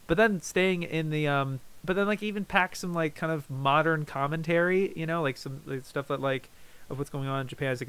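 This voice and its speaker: A man's voice: fairly high pitch, a little fast, fairly bright tone, clean tone. A man hosting a casual review show, talking loosely with many fillers and restarts. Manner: rambling, lots of fillers and restarts. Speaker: host reviewing YouTube videos. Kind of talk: casual chat.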